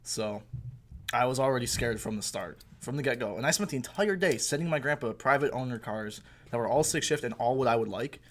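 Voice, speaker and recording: A young man co-hosting a podcast, telling a story in a casual, animated way, swearing and laughing as he goes. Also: mid-range voice, brisk, a little hiss or hum. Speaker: podcast co-host. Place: indoor recording room.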